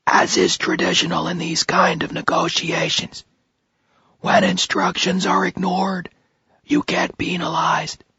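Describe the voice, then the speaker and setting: A cold, menacing kidnapper, whose voice comes through distorted and mechanical. It is high, breathy and gravelly, and it drags each threat out slowly. The sound is dull and lo-fi, as if heard over a phone speaker. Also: male voice, little pitch movement, sharp tone, dry recording, full character voice.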